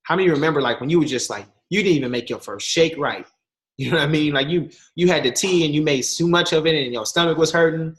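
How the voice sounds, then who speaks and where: A man's voice: on the high side, fast. A young man giving a casual motivational talk as a guest speaker, telling stories with voiced quotes. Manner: animated storytelling with voiced quotes, slangy.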